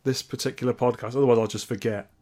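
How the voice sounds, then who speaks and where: A man's voice: medium pitch, steady tone, fast talker, a crowd in the background. A man co-hosting a casual podcast, reading listener messages and trading dry, teasing banter. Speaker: podcast co-host. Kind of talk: casual chat.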